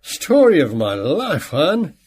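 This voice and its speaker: A man's voice: a little high, huge pitch swings, takes it slowly, darkish tone, husky, exaggerated voice. A man voicing a chatty middle-aged woman storage clerk with a slight twang, folksy and full of endearments. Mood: sympathetic. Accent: slight Western twang. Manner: folksy, calls everyone hon and darling.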